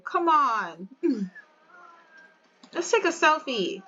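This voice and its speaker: A woman narrates her life-sim game in a chatty, giggly way, talking straight to her viewers at a middling pitch. The sound is slightly dull, like a basic home mic. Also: animated, measured pace, a bit bright. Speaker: game video creator. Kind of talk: casual gameplay commentary.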